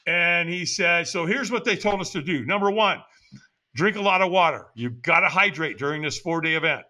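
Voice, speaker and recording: A man's voice: on the high side, moderate pace. An older man from the United States, a podcast guest, telling a personal story in conversation and acting out the dialogue as he goes. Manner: animated, acts out quoted dialogue in the story.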